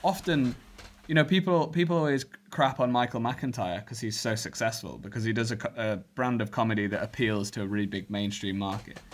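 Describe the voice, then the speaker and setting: A man's voice: fairly low pitch, steady tone, a little fast. A man from England in a casual comedic chat, making wry, jokey asides.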